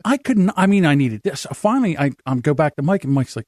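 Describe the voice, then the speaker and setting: A man's voice: fairly high pitch, brisk, no room sound, clean studio sound. A middle-aged man co-hosting a podcast, telling rambling, profane stories in casual chat. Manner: animated storyteller, swears freely. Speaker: podcast co-host.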